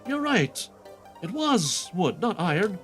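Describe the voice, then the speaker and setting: A man's voice: high voice, big pitch swings, slow pace, soft background music, exaggerated voice. A man voicing a boastful male impostor who tells grand, made-up adventure stories in a game quest fan voice-over. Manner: grandiose, showy storytelling.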